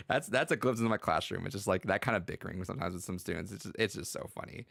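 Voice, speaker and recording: A man's voice: sits low, quick pace, creaky, pauses often, a bit bright, no room sound. A man hosting a casual podcast, telling rambling classroom stories as a teacher, laughing often and using many fillers. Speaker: podcast host and school teacher.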